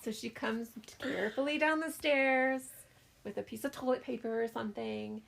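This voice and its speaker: A middle-aged woman, a podcast co-host and mother, telling a family story in casual chat, animated and often laughing. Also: on the high side, moderate pace, creaky.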